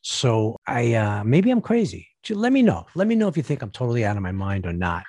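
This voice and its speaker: A man's voice: mid-range voice, huge pitch swings, darkish tone, dry recording. Sarcastic man ranting, dry sound. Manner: sarcastic, mocking asides; halting, repeats words. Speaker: vlogger. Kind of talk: ranting commentary.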